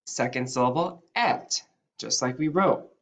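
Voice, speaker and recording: A man's voice: mid-range voice, unhurried, fairly bright tone. A male first-grade teacher giving a patient phonics lesson, spelling out letters one by one and lifting his voice on key words. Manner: sounds out letters and stretches key words upward.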